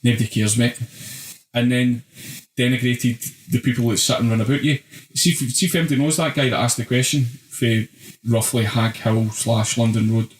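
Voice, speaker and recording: A man's voice: medium pitch, moderate pace. A man with a Scottish accent co-hosting a podcast, telling stories in a casual, sweary, ranting way. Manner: ranting, animated storytelling. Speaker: podcast co-host. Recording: roomy echo.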